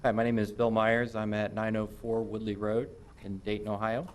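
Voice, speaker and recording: A man's voice: on the low side, level tone, moderate pace, a little hiss or hum. A man speaking as a citizen at a city meeting, hesitant and brief. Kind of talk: public comment at a meeting.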